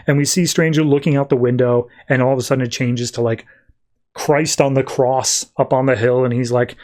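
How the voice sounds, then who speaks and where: A man's voice: medium pitch, steady tone, brisk, a little mellow. A man hosting a podcast, casually retelling a comic's story and acting out the characters' lines along the way. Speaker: podcast host.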